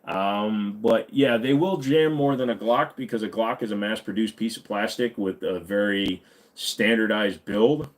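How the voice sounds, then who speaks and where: A man's voice: fairly low pitch, unhurried. A man hosting a firearms channel, answering viewer questions in a laid-back, rambling way with casual swearing. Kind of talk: casual livestream Q&A.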